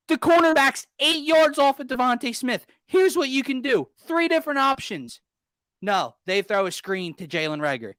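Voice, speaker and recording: A young man rants about his team with exasperated, sarcastic energy. His voice sits high and sounds bright and edgy. The recording is dry and close. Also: big pitch swings, normal speed, no room sound. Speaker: podcast host. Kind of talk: casual sports talk.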